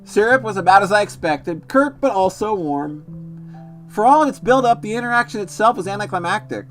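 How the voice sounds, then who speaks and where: A man reading a visual novel aloud, voicing a gentle, anxious lover who narrates their own thoughts softly. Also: high voice, lively intonation, a little fast, pitched above the performer's own voice. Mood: reflective. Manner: soft, reflective first-person narration. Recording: music playing behind the voice.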